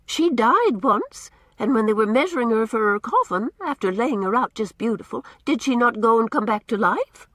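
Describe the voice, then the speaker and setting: A woman's voice: fairly high pitch, lively intonation, moderate pace, few pauses, a bit bright, dry recording, clean studio sound, voice pushed up. A woman voicing a prim, pious older housekeeper who speaks formally and sounds easily shocked.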